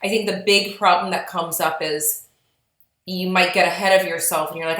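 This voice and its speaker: Woman, podcast co-host, casual and earnest, lowish pitch, roomy echo. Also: fast. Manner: chatty, earnest, animated when quoting.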